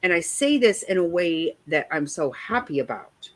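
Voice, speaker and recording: A woman's voice: lowish voice, very animated, normal speed. Older woman co-host, candid and profane, voice swings up and down a lot. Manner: frank, profane storytelling. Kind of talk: casual chat.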